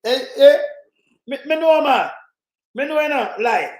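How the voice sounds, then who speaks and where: Jamaican male commentator, heated and mocking, shouts a lot, echoey room. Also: very high voice, measured pace. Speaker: political commentator. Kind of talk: ranting commentary over clips.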